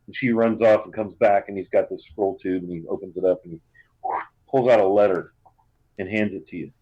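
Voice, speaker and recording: Low-voiced man narrating a tabletop game. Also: fairly quick, husky, no room sound. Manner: loose, filler-heavy description. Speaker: game master. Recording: dull lo-fi sound.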